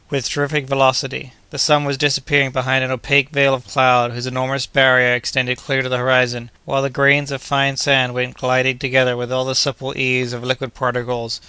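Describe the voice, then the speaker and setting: A man reading a classic adventure novel aloud in a steady, measured narration. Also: medium pitch, clean tone, no room sound. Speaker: audiobook narrator. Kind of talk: scripted narration.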